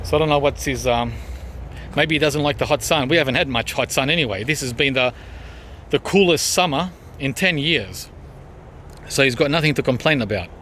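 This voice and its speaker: A man's voice: medium pitch, normal speed, fairly bright tone. Aussie bloke rambling thru his garden outside, lots of ums, pointing stuff out, medium voice, bit of faint noise. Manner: chatty, rambling, pointing things out with frequent ums. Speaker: gardening vlogger. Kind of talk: casual garden walkthrough. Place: outdoors in a backyard garden.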